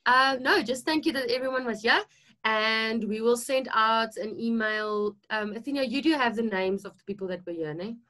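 A woman's voice: on the high side, moderate pace, bright, forceful tone. A woman with a South African accent giving a chatty nutrition talk on a video call, using tag questions and fillers. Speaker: nutritionist co-hosting a webinar. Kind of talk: explanatory webinar talk.

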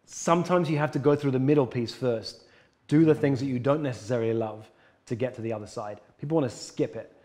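A man talks as a coach in an interview, earnest and emphatic, driving his points home. His voice is mellow and warm. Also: mid-range voice, fairly quick. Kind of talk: conversational interview.

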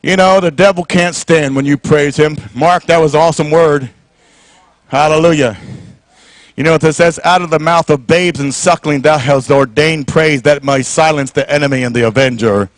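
High-voiced fiery male preacher. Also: moderate pace, no echo. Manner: fiery call-and-response preaching, swings from soft to shouting. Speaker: pastor. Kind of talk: sermon. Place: church.

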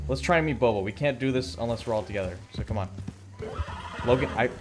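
A man chatting with friends while gaming, loud and excitable, swearing, laughing and shouting orders, over background music. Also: mid-range voice, fast talker. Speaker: gaming video creator. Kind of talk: casual gaming chat.

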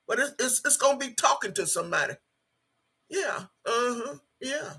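An older woman in her sixties chats on a livestream from home, reading comments aloud. Her voice is raspy and gravelly with a tense, bright edge. She talks bluntly, swears freely and repeats her points for emphasis. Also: a little high, expressive, moderate pace. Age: 60s. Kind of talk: casual livestream chat.

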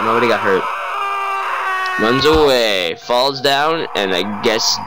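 A man's voice: medium pitch, slow pace, very noisy. A young man giving sarcastic let's play commentary on a horror game. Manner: wry, sarcastic narration of the action. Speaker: gamer playing a horror game.

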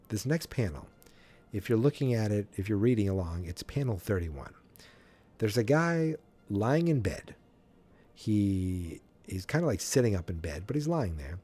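A man's voice: on the low side, animated, moderate pace, dark tone. A man hosting a podcast, casually recapping a comic in a chatty, wry way with asides. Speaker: podcast host.

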